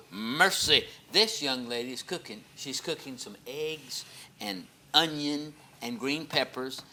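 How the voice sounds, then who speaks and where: A man's voice: medium pitch, slight background noise. A man, a pastor hosting a TV program, chatting and joking exuberantly while tasting food in a studio kitchen. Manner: exuberant, joking, loud exclamations. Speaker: pastor and show host. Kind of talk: TV cooking segment chat.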